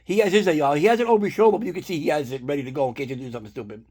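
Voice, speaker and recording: Husky New man telling a story. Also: a little high, very fast. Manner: rambling, profanity-laced, animated retelling. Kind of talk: casual storytime.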